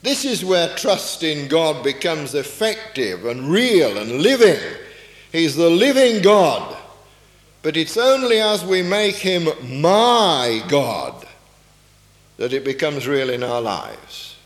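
Male preacher, earnest sermon, rhetorical questions, unhurried delivery, roomy reverberant hall. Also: fairly high pitch, very animated. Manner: slow, earnest Bible exposition with rhetorical questions. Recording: echoey hall with long reverb.

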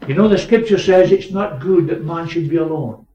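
A man preaching a sermon, swinging between raised emphasis and quiet asides. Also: fairly high pitch, normal speed. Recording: echoey, distant, muffled recording.

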